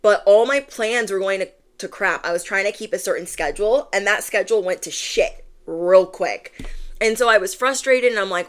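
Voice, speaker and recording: A woman's voice: mid-range voice, moderate pace, fairly bright tone. A young woman talking casually to her viewers during a spiritual tarot reading, rambling and filling her talk with asides and quoted lines. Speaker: tarot reader.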